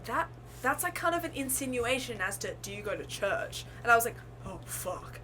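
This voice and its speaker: Australian woman, 20s, high and bright, swears and acts out stories in casual chat. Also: big pitch swings, fairly quick, slight background noise. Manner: swears freely, acts out quoted voices. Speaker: college student, podcast guest. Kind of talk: casual chat, animated storytelling.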